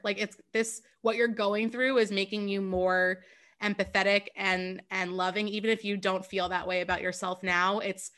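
A woman's voice: mid-range voice, flat delivery, a little slow, sharp tone. A young woman, a podcast guest, talking openly and earnestly in a candid interview, with lots of "like". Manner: earnest and open, fills with "like".

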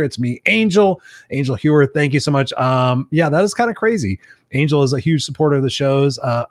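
A man's voice: mid-range voice, no echo, studio quality. A man hosting a live talk show, enthusiastic and effusive, reading out viewer comments and swearing casually. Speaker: podcast host.

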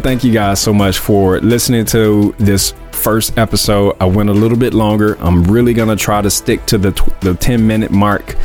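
In a low, darkish voice, a podcast host delivers a casual solo monologue of heartfelt, confident motivation. He speaks earnestly and emphatically, stretching his stresses on key words as he makes his point.

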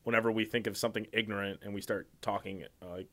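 A man's voice: fairly low pitch, fairly even intonation, fast talker, fairly bright tone. A man from Michigan chatting casually with friends, rambling and laughing often. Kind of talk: casual group chat.

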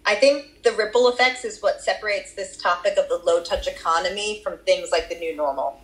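This Boston-accented woman is a research guest fielding interview questions, giving long explanations with occasional fillers. She speaks in a mid-range voice at a fairly quick pace, and the recording is poor.

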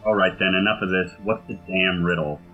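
A man voicing a weary former mayor who speaks in a curt, gruff, impatient way. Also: low-pitched, fairly even intonation, a little fast, sharp tone, dull audio, faint music behind.

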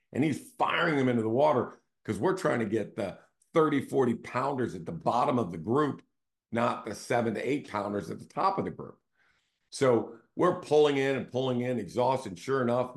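A man hosting his own show, talking in a casual, conversational storytelling way and often checking in with his listeners. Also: mid-range voice. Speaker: real estate team CEO hosting a show.

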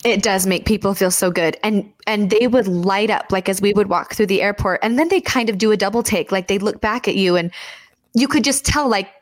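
A woman hosting an interview podcast, chatting effusively and acting out remembered quotes in lively voices. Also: medium pitch, fairly quick. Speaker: podcast host. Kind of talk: conversational interview.

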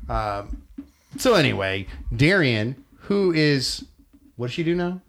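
A middle-aged man telling a family story in casual chat, expressive and peppered with swearing and ums. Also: mid-range voice, unhurried. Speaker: podcast co-host.

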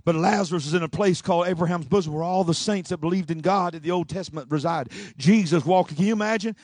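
A pastor preaching a sermon, swinging between shouting and a low, rhythmic delivery. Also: male voice, fast talker, no echo.

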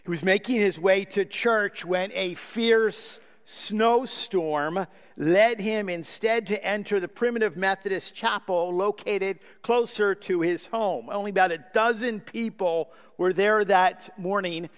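Earnest high-voiced male pastor in a reverberant church. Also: slow, clear, resonant tone. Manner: earnest, prayerful. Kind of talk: sermon with prayer and storytelling. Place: church sanctuary. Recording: long hall reverb.

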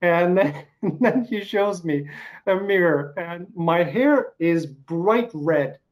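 A man's voice: high voice, expressive, poor audio. Man with a slight Russian accent. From eastern Ukraine. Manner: unhurried storytelling with frequent pauses and fillers. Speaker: podcast host. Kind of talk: casual interview chat.

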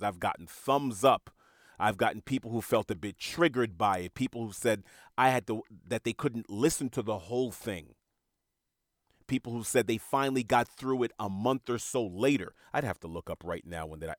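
A podcast host with a fairly low voice speaks in a clean, echo-free studio recording. His monologue is earnest and reflective, and he repeats words while searching for the right ones.

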